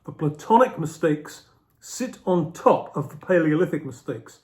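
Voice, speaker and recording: A middle-aged man delivers an unscripted lecture in a voice pitched a little above the usual. He thinks aloud as he goes, circling back to repeat key phrases for emphasis. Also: animated, measured pace. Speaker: philosophy lecturer.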